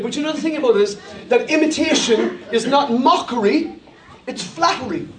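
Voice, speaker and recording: A man's voice: very high-pitched, a little fast, crowd noise. An Irish man preaching a sermon as pastor to his congregation, in a jovial, joking manner. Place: church hall. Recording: echoey hall, mic far off.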